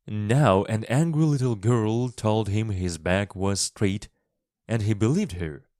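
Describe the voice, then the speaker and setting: A man who tells stories and teaches English, reading a storybook for English learners in a slow, expressive way. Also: low-pitched, no echo, clean studio sound.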